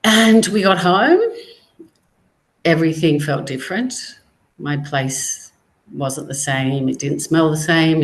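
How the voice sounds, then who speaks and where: A middle-aged woman, a guest on an interview show, telling her personal story in a measured, reflective way with pauses. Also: deep voice, low-quality recording. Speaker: guest, cancer survivor and author.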